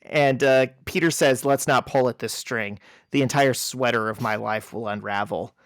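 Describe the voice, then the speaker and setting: A man co-hosting a casual podcast, retelling a comic book scene and reading its dialogue aloud in a lively storytelling way. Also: normal speed, dry recording, clean studio sound. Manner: animated storyteller, reads quoted lines in a lower voice. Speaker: podcast co-host.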